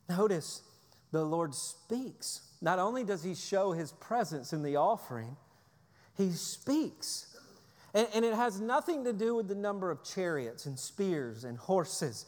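High pitched guy preaching, hammering the same lines over, big echoey hall. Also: sing-song, unhurried. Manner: emphatic, repeats key phrases for stress. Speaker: pastor. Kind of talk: sermon.

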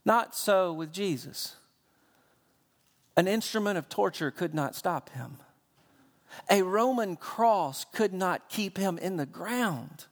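Male preacher, high register, emphatic sermon delivery in a church with long reverb. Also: lively intonation, slow pace, pauses often. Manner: emphatic, builds lists and repetitions.

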